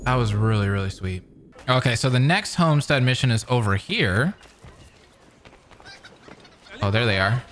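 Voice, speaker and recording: A young man giving casual, excitable let's-play commentary, often laughing and exclaiming. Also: mid-range voice, normal speed, long pauses. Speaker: gaming commentator.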